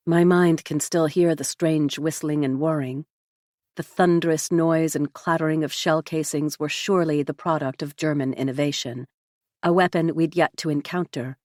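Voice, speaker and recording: A woman narrating a first-person historical novel as an audiobook, measured and reflective. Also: sits low, darkish tone, no room sound, studio quality.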